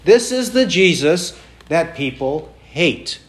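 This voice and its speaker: A man's voice: fairly high pitch, sing-song, slow. A man preaching a sermon, asking the congregation questions and repeating key phrases for emphasis. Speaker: pastor.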